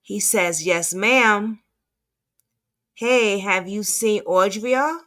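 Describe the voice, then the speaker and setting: A woman advocate reading text messages aloud with commentary, in a halting, stumbling way with restarts. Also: mid-range voice, sharp tone.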